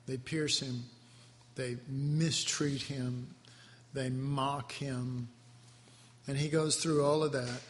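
Man, Bible teacher, devotional, tender, halting delivery, unhurried, long hall reverb. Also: mid-range voice, steady tone. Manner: tender, halting, emotionally moved. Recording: echoey hall with faint background noise.

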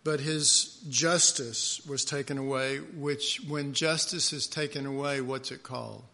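Slow, bright-voiced man preaching. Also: mid-range voice, fairly even intonation, vocal fry. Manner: halting, many fillers and restarts, reads scripture aloud with emphasis. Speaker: pastor. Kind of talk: conversational sermon.

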